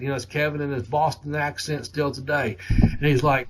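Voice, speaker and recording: Husky-voiced man telling rambling stories. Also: a little high, little pitch movement, normal speed. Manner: rambling, heavily profane. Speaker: podcast host. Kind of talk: casual storytelling.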